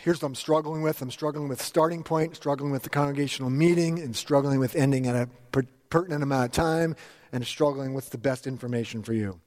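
A man preaching a sermon to a congregation, lively and animated, acting out quoted lines with big jumps in his voice. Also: mid-range voice, a little fast, big-room sound. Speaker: pastor.

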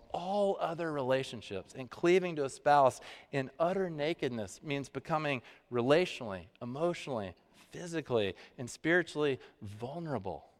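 A pastor giving a conversational sermon, with dramatic pauses. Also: male voice, mid-range voice. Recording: long hall reverb.

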